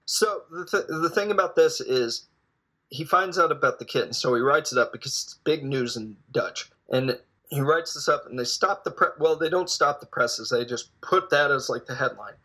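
A man's voice: a little high, normal speed, sharp tone. Rambling casual male film reviewer. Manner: rambling, jokey, many fillers and asides.

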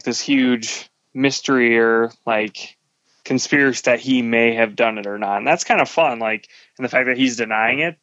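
A man of middle pitch talks comics on a podcast, rambling and leaning on "like" as he retells scenes. The sound is dry and muffled, like a modest home podcast setup. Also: fairly bright tone, no room sound. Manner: rambling, full of "like", retells scenes with quoted lines. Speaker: podcast co-host. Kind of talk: casual chat reviewing comics. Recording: dull lo-fi podcast audio.

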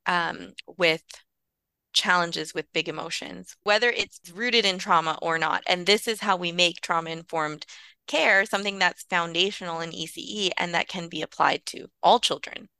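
A woman's voice: fairly low pitch, normal speed, creaky, bright, forceful tone, clear, resonant tone, dry recording. A woman guest on a podcast interview, explaining early childhood care in an earnest, conversational way with lots of "like" and "you know".

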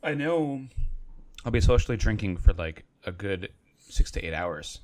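A man's voice: fairly low pitch, sing-song, normal speed, darkish tone. A man co-hosting a casual podcast, rambling easily with lots of fillers while he reviews beers. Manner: laid-back, rambling with many fillers. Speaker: podcast co-host. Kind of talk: casual chat.

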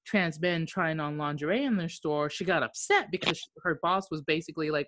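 A woman's voice: deep voice, brisk, hardly any pauses, a bit bright, no echo. A woman from Okinawa, Japan, co-hosting a podcast in casual chat, blunt, swearing freely and laughing often. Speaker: podcast co-host.

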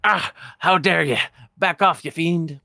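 A man's voice: a little high, measured pace, gravelly, sharp tone, no echo, studio quality, pitched above the performer's own voice, heavily acted. A man voicing a stingy old Scottish cartoon duck millionaire, with a folksy brogue full of "ye" and "laddie". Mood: indignant.

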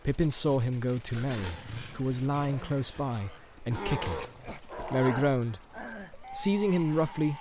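A man reading an audiobook in steady storytelling narration. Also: medium pitch. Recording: background noise.

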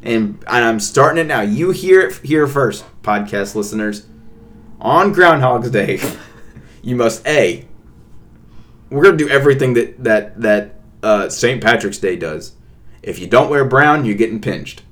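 A young man co-hosting a casual podcast with his partner, ranting playfully and getting loudly worked up. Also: medium pitch, unhurried. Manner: playful ranting, animated outbursts. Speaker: podcast co-host. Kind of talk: casual chat.

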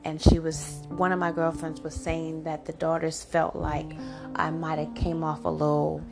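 Woman in her forties, podcast host, gravelly fry in her voice, chatty personal storytelling, music playing clearly underneath. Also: deep voice, normal speed. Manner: animated, chatty, full of "like" and "you know". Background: background music.

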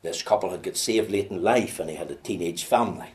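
A man preaching a sermon, swinging from hushed storytelling to loud, urgent pleading. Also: low voice, fast.

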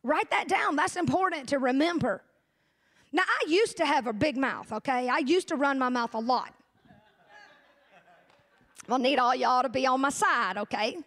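A woman pastor delivers a lively sermon. Her voice sits high, and she mixes homespun humor with direct questions to the congregation. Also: normal speed, long pauses. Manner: animated, folksy, humorous preaching with audience asides.

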